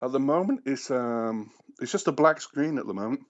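A man's voice: medium pitch, animated, moderate pace, dry recording, highs cut off. A man in a casual team meeting, laughing often and rambling through his update with many restarts. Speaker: game developer.

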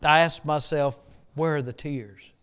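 A middle-aged man preaching a sermon in a church, repeating a question like a refrain and building from quiet reflection to impassioned shouting. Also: on the high side, fairly even intonation, a little slow, smooth. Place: church sanctuary.

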